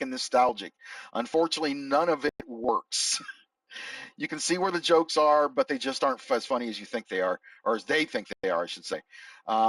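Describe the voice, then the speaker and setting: Man, middle-aged, casual movie chat, rambling, lively pitch, dry sound. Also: dry recording, distant mic, low-quality recording. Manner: rambling, self-correcting, reading out his own reviews. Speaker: movie reviewer. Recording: dry sound, set back from the mic.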